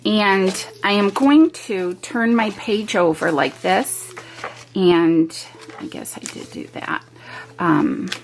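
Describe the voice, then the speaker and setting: A woman's voice: medium pitch, vocal fry, background noise. A woman hosting a home craft video, talking through a stamping project step by step with chatty, homey asides. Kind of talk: casual step-by-step craft demo.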